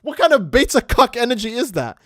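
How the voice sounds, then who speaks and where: A man's voice: very high voice, sing-song, brisk, sharp tone, pitched above the performer's own voice, exaggerated voice. A man voicing a baffled, mocking male villain who sneers at his foe. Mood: incredulous mocking. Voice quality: mocking, incredulous.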